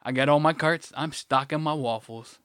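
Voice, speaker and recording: A man's voice: a little high, moderate pace, a bit bright, clean tone, no echo, studio quality. A man co-hosting a podcast, telling a rambling, blunt story in casual chat, swearing freely and restarting his sentences. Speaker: podcast co-host.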